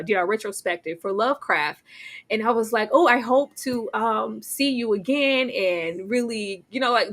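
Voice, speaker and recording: A woman co-hosting a casual livestream, reading out super chats in an animated, playful way with frequent laughter and teasing asides. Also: medium pitch. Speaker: co-host of an anniversary livestream.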